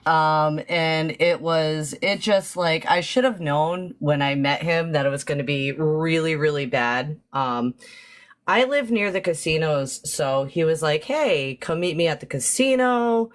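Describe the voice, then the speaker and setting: A woman guest on a live panel telling a dating story in a relaxed, lighthearted way. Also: low-pitched, unhurried. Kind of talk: casual storytelling on a live stream.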